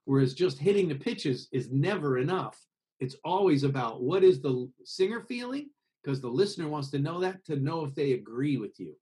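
A man from America being interviewed about singing, explaining with lively examples and acted-out voices. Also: a little high, normal speed. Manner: expressive, acts out voices to make points. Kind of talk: conversational interview over a call.

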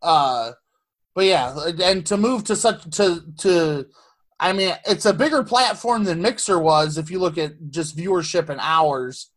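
Brief: male podcast co-host, high pitch, rambling and profane, loose casual chat. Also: animated, unhurried, a bit bright. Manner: rambling, swears freely, frequent restarts.

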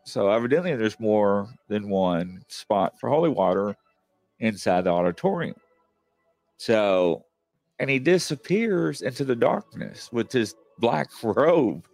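A man with a lowish voice, recorded close and dry with no room sound. He hosts casually, rambling through an anecdote with plenty of fillers. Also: sing-song, unhurried, a little mellow, dry recording, faint music behind. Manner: chatty and anecdotal, with many fillers. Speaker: host. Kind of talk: casual storytelling.

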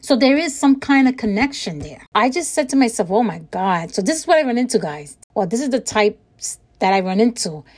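A woman hosting a podcast, telling stories in a chatty, animated way and acting out conversations with exasperated emphasis and frequent laughter. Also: fairly high pitch, brisk, few pauses. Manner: laughs often while talking. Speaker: podcast host. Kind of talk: casual storytelling chat.

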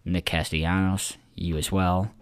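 Low-voiced, profane rambling podcast guy. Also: little pitch movement, a little slow, smooth, no room sound. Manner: rambling, profane, lots of "like" fillers. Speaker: podcast co-host. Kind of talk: casual sports chat.

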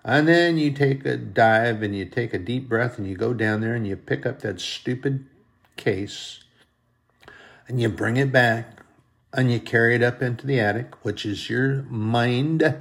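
A male pastor delivers a sermon with a gravelly edge to his mid-pitched voice. He talks earnestly and leans on repeated phrases to drive each point home. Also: measured pace, a bit bright. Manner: earnest, repetitive preaching cadence.

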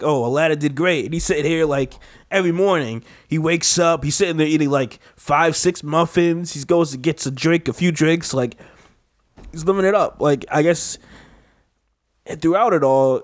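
A man's voice: fairly high pitch, normal speed, no room sound, clean studio sound. A man co-hosting a home podcast, chatting casually and rambling, filling his speech with "like". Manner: rambling, heavy use of "like". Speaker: podcast co-host. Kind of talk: casual chat. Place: home room with a window AC unit.

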